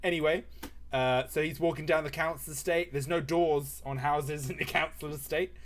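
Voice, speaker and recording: A man tells a comic story on stream as he draws, rambling, swearing and full of ums. His voice sits a little high for a man. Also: fairly even intonation, normal speed, slight background noise. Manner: rambling, sweary, giggly, lots of fillers.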